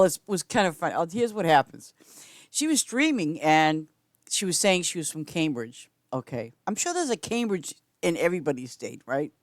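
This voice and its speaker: A woman game streamer chatting casually with her viewers while she plays, rambling and swinging between loud greetings and quiet asides. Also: no room sound, studio quality. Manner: chatty, rambling, repeats "I'm just saying"; lively swings in pitch and loudness, sometimes whispering. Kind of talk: casual gameplay chat with viewers.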